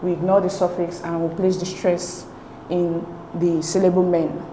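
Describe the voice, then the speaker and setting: Recorded in an echoey room with faint noise, this woman speaks in a dark, low voice with a level tone at normal speed. As a teacher, she patiently and methodically explains exam answers, often checking "okay?".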